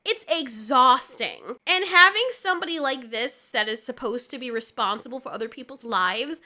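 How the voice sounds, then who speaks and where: A woman's voice: high-pitched, animated, normal speed, pushed and bright. A woman giving a casual, blunt and sarcastic reaction commentary, swearing freely as she picks apart what she watches. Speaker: video commentator.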